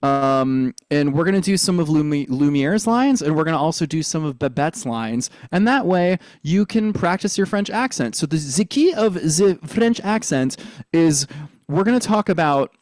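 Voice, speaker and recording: A man coaching performers through an accent lesson, upbeat and encouraging, sweeping his voice high and low as he demonstrates. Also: animated, moderate pace, a little mellow, no room sound, studio quality. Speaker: drama coach.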